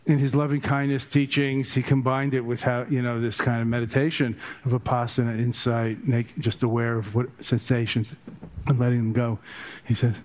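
Older guy giving a dharma talk, funny and meandering, mid pitch. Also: little pitch movement, moderate pace, darkish tone. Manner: humorous, rambling storytelling. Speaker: meditation teacher.

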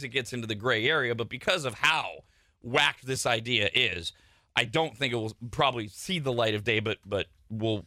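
A man's voice: mid-range voice, sharp tone, no echo. A man hosting a talk radio show, explaining things bluntly and with opinion, on a studio microphone.

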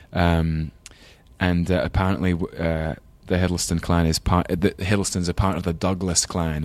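Deep-voiced Englishman musing in an interview. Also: darkish tone, dry recording. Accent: English, London. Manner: thoughtful, rambling, self-deprecating, laughs often. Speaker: actor guest. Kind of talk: casual interview chat.

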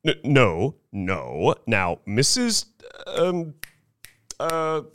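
A man voicing a serene, smooth-talking male showman who soothes and stalls. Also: on the high side, wildly swooping pitch, a little hiss or hum, voice pushed up, full character voice. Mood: evasive. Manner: oily, soothing, drawn-out.

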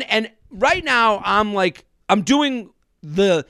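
A man in his thirties hosting a podcast, telling a comedic story in an animated way and acting out other people's lines. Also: high voice, takes it slowly, smooth, no echo, studio quality. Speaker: podcast host. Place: studio.

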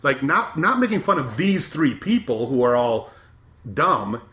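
A middle-aged man talks through new TV shows in a casual, profane way, wry and lively. His voice sits at an ordinary pitch. The room around him is noticeably echoey. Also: unhurried. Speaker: podcast co-host. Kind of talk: casual chat, TV season preview.

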